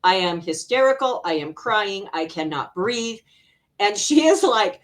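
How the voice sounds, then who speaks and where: An intuitive healer from Arizona, USA, middle-aged, guests on an interview show and tells a personal story with animation. She laughs often and acts out the voices she remembers, her voice a little high and her speed normal.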